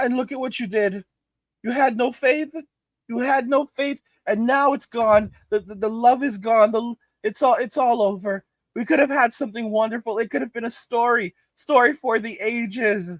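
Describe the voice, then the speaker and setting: A melodramatic, whiny woman wails in a high, sing-song falsetto, as a man puts her on. Her voice is very dry and close. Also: normal speed, dry recording. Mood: mock hurt. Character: mocking wounded woman, dramatic and whiny.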